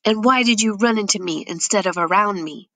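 A woman reading an audiobook, voicing a tired, patient older male gate guard who speaks quietly and firmly. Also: medium pitch, brisk, no echo, lightly acted.

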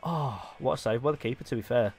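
A young man giving excitable live commentary on his own football video game match, dropping to low mutters between sudden loud outbursts. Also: fairly quick, husky. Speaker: gaming YouTuber.

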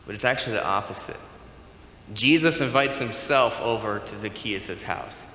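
A man preaching a sermon as pastor, animated and playful, acting out bits of dialogue. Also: on the low side, moderate pace, slight background noise. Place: church sanctuary. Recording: echoey hall with faint room ambience.

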